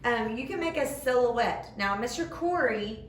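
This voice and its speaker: A young woman giving a children's sermon in simple, animated words, recorded in a church room. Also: fairly high pitch, a little slow. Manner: animated, speaks simply to children, acts out voices. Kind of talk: kids' sermon. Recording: echoey room, far from the mic, faint noise.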